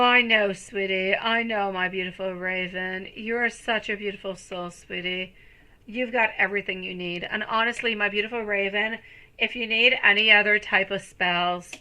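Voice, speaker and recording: A woman's voice: mid-range voice, poor audio. A woman in her thirties reading tarot on a live stream, chatting affectionately with viewers and calling them sweetie and my lovely. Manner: gushing, excited bursts. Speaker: tarot reader.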